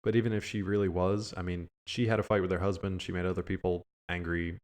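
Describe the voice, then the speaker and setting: A man's voice: sits low, little pitch movement, quick pace, a little mellow. A man co-hosting a podcast who reviews cartoons in casual chat with crude, sarcastic jokes. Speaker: podcast co-host.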